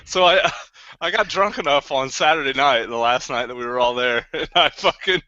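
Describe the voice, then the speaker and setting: A man's voice: mid-range voice, normal speed, bright, forceful tone, no room sound. A man co-hosting a podcast, telling rowdy stories with laughs and swearing, voicing the people he quotes. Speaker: podcast co-host. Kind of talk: casual drunk storytelling chat. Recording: muffled lo-fi podcast mic.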